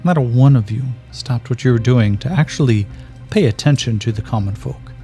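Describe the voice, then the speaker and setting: A man voicing a defensive young male trooper who talks fast and sounds resentful. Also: mid-range voice, warm tone, faint music behind, lightly acted. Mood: bitter.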